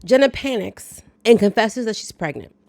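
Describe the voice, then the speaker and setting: A woman's voice: mid-range voice, lively intonation, moderate pace, gravelly, darkish tone, no room sound. A woman hosting a casual movie recap, chatty, with playful asides and reactions to the story. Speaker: movie review host.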